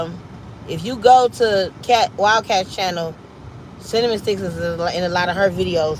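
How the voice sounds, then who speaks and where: A woman's voice: lowish voice, slight background noise, rough recording. A woman from Cleveland hosting a casual livestream, chatty and upbeat, urging viewers to subscribe to friends' channels. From Cleveland, Ohio, US Midwest. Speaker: livestream host. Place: at home.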